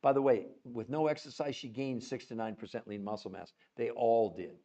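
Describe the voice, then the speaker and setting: An excitable man hosts a live online stream, greeting viewers by name, laughing often and swinging into bursts of cheer. His voice sits at an ordinary middle pitch. The audio is dull and lo-fi, as from a computer mic. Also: moderate pace. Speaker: livestream host. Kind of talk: enthusiastic live-stream chat.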